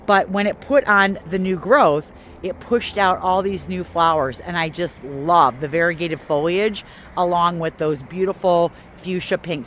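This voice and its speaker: A woman from Northern Illinois, with a lowish voice, gives a casual, enthusiastic walking tour of her garden outdoors. She's a garden vlogger chatting to viewers as she goes, with slight background noise.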